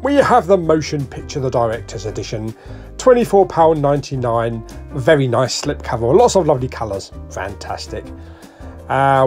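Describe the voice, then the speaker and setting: A British man giving a casual, jokey walk-through of a shop's discs and their prices while filming as he goes. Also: on the high side. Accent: British English. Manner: chatty, jokey, lively, ticks off titles and prices. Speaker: vlogger.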